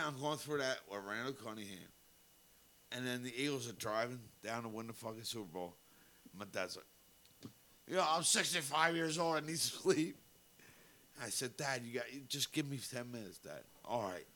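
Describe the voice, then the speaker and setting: A man's voice: mid-range voice, animated, normal speed, a little hiss or hum. Emotional, swearing podcast co-host man. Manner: loud, emotional, swears often. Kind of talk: casual chat.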